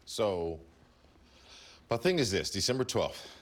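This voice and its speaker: A man's voice: fairly low pitch, measured pace. A man hosting a basketball postgame show on TV, talking in an upbeat, playful way. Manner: lively, animated, playful banter. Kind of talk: upbeat studio sports talk. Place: TV studio.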